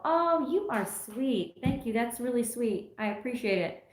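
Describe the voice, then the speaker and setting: A woman's voice: fairly high pitch, moderate pace. A middle-aged woman hosting a tarot livestream, chatting casually and reading viewer comments aloud with frequent laughs. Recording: echoey room.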